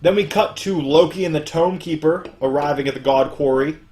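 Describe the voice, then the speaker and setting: A man's voice: fairly high pitch, brisk, darkish tone. A young man hosting a podcast in casual chat, recapping at length with many fillers. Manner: rambling recap full of fillers. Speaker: podcast host.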